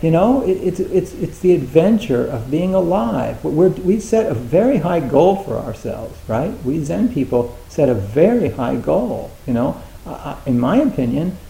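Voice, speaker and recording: A man's voice: a little high, creaky, mellow. A man giving an informal Zen talk to retreat students, rambling with many fillers and restarts. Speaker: Zen teacher. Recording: echoey room.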